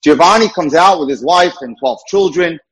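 Husky-voiced emphatic male lecturer. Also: on the high side, moderate pace, low-quality recording. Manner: emphatic, repeats points, tells jokes. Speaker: dating mentor.

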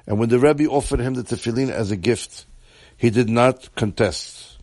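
Guy telling a story, slow and deliberate, kind of gravelly, dry sound. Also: medium pitch, a little mellow, dry recording.

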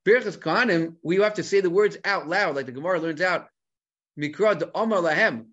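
Animated high-voiced man teaching Talmud. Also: fairly quick, muffled recording. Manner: animated, mixes Hebrew terms into English, rhetorical questions. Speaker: Torah teacher.

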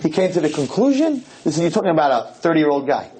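A man, a rabbi, giving a storytelling lecture to an audience, animated and acting out the dialogue. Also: a little high, fast talker, slight background noise, low-quality recording. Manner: animated, acts out dialogue, sprinkles in Hebrew and Yiddish terms.

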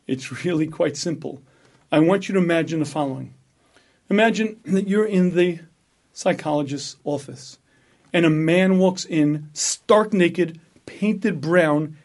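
A rabbi giving a Torah lecture, emphatic and full of rhetorical questions. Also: male voice, high voice, a little mellow.

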